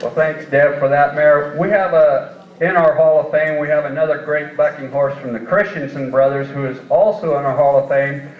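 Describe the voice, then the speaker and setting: A man's voice: a little high, fairly even intonation, moderate pace. A man hosting an onstage interview, friendly and prompting with a few fillers. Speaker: emcee and interviewer. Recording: tinny, distant sound in an echoey hall.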